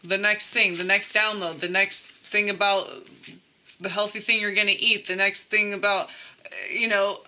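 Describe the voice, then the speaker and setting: Bright-voiced woman giving a tarot reading. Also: mid-range voice, normal speed. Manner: chatty, laughs often, swears casually. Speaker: tarot reader. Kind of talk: casual spiritual tarot reading.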